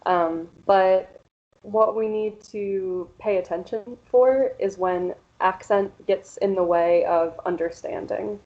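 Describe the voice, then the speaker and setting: A woman from Central Pennsylvania with a local American accent, giving a pronunciation workshop in a measured, explanatory way with frequent "um" and "so". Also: medium pitch, a little mellow, highs cut off. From Central Pennsylvania, USA. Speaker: workshop presenter.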